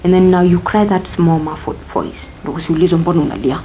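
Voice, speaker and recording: A woman's voice: fairly low pitch, fairly quick, dark tone, a little hiss or hum. A young woman with a Kenyan accent, telling her own story as an interview guest, candid and reflective, slipping Swahili phrases into her English.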